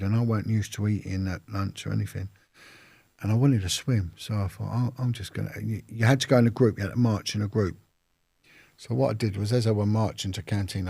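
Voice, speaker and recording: Brief: London man, low gravelly voice, husky, rambling storyteller. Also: dark tone, no echo. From London, England. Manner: rambling, with restarts and acted-out quotes. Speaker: interview guest. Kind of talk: casual storytelling.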